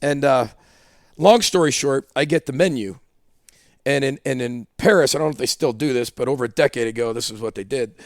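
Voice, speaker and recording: Here a head football coach with a medium-pitched voice talks briskly, playing out the dialogue as he spins a lively story for a casual podcast interview. It's a dry, clean studio recording.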